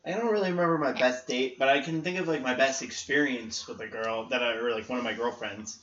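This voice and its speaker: A man starting a relaxed, meandering story in a casual podcast chat. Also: mid-range voice, fairly quick, a little hiss or hum. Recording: roomy, lo-fi recording.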